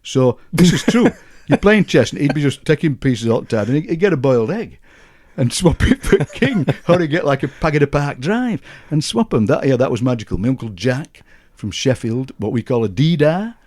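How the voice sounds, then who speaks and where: A man's voice: mid-range voice, animated, moderate pace, few pauses, darkish tone. A man in his sixties with a Barnsley Yorkshire accent, a guest poet telling chatty anecdotes and chuckling through his stories. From Yorkshire, England. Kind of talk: anecdotal conversational storytelling.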